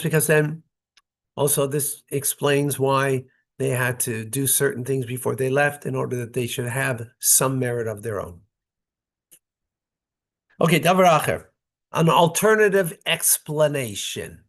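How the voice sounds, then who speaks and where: A rabbi leads a Torah study class, reading short Hebrew phrases, translating them into English, and checking in with his listeners by asking "right?" and "okay?" in a conversational way. His voice sits at a medium pitch, and he talks a little slowly with frequent pauses.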